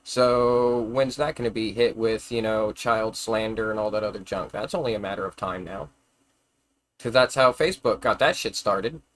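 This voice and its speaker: A man's voice: lowish voice, moderate pace, a bit bright. A man ranting casually on a live stream. He talks in a rambling, profane, argumentative way, often stumbling and restarting his words.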